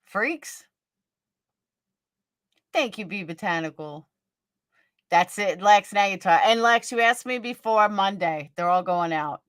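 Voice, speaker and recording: A clear, resonant woman's voice of medium pitch comes through at a moderate pace, recorded dry with clean studio sound. She's hosting a laid-back livestream, swearing bluntly, trading gossip, and replying to viewers by name as she reads their comments.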